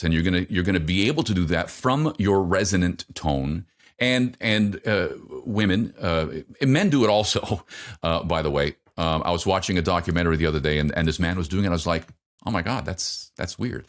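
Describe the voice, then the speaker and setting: A middle-aged man from North America, a voice coach answering interview questions in a halting way, with many fillers and repeated words. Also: low-pitched.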